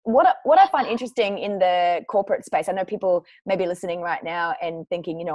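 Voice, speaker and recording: A woman's voice: on the low side, fast, few pauses, a little mellow, dry recording. A woman hosting a podcast, talking casually and searching for words with fillers like "um" and "like". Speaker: podcast host. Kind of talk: podcast interview conversation.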